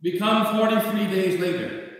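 A man preaching a sermon as a bishop, slow and emphatic, rising and dropping his voice. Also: high-pitched. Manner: slow, emphatic preaching with sudden rises and drops. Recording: echoey church from far off.

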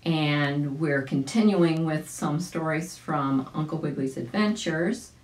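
A woman reading a children's story aloud as a volunteer reader, gentle, with small asides. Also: low-pitched, slow, echoey room, low-quality recording. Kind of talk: audiobook read-aloud for children.

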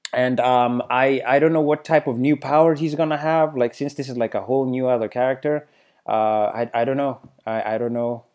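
A man hosting a casual trailer reaction video, excitable and stammering, often repeating himself. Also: medium pitch. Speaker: YouTube reaction host.

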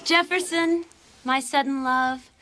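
An actress playing a prim, flustered bride who reads a love poem slowly and earnestly in a sitcom. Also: female voice, bright, forceful tone, heavily acted. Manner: slow and earnest, then shrill. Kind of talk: sitcom acting. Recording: sitcom audience laughter behind.

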